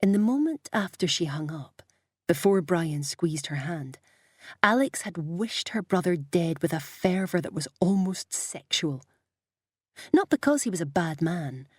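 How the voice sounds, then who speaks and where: A woman narrating a novel in a measured, even storytelling voice. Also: low-pitched, husky, dry recording, studio quality. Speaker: audiobook narrator. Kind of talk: scripted narration.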